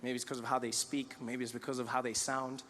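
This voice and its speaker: A South African man doing live stand-up in a large venue, animated and quick to slip into voices. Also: medium pitch, a little hiss or hum. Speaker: stand-up comedian.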